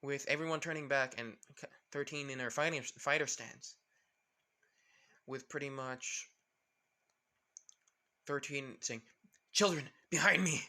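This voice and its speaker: A man's voice: mid-range voice, steady tone, a little slow, pauses often, pushed and bright. A young man casually retelling a fan story, rambling with lots of restarts. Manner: rambling, full of fillers and restarts.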